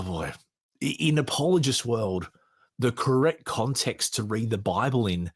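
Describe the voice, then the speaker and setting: A man's voice: mid-range voice, slightly rough, dry recording, clean studio sound. A man hosting a podcast, giving sarcastic, chuckling commentary and reading partly from a script, with frequent restarts. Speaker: podcast host.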